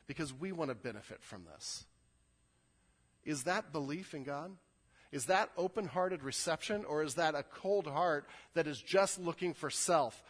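A man's voice: on the high side, lively intonation, unhurried, slightly rough. A young adult male pastor preaching an earnest sermon, often repeating words as he builds a point. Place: church sanctuary. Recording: long hall reverb.

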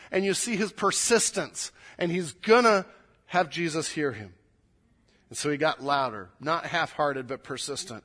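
A male pastor preaching a sermon, telling the story in an animated way and swinging between loud and soft. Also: on the high side, normal speed.

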